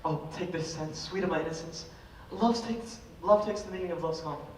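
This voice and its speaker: A man playing an ardent, smooth-talking young lover in a live school stage play, with an earnest, declamatory delivery. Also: sits high, fairly quick, a little hiss or hum, lightly acted. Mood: coaxing. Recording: echoey hall from far off.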